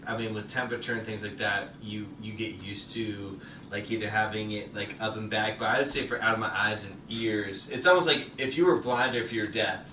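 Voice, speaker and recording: A man's voice: on the low side, pushed and bright. A young man in casual podcast chat, telling crude stories and laughing through them. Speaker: podcast host. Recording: echoey room from far off with noise.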